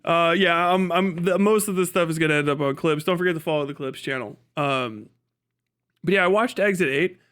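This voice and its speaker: Cincinnati-raised male streamer, loose profane chatter, a touch higher than average. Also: a little fast, fairly bright tone, clean tone. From Cincinnati, USA. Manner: profane, rambling, laughs through riffs on accents. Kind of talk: casual live-stream chat.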